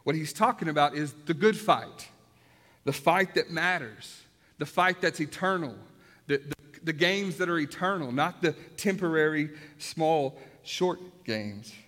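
A man's voice: fairly high pitch, measured pace, fairly bright tone. A man preaching a sermon as pastor in a church, conversational with rhetorical questions and joking asides. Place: church sanctuary. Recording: long hall reverb.

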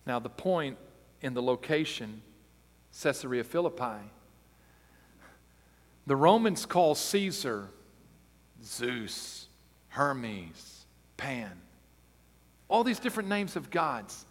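A man's voice: medium pitch, very animated, slow pace, long pauses. Man preaching emphatically in a reverberant hall. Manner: emphatic, rising to loud intensity on key phrases. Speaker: pastor. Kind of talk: sermon.

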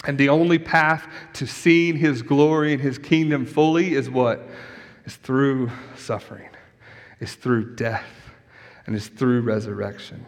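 A man preaching a sermon in a conversational style, animated, tossing in asides to the congregation. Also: medium pitch. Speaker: pastor. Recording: long church reverb.

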